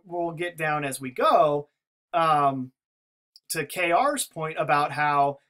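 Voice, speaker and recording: A man's voice: a little high, fairly bright tone. A man talking through a theory in casual spoken commentary, rambling with many restarts and fillers. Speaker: video commentator.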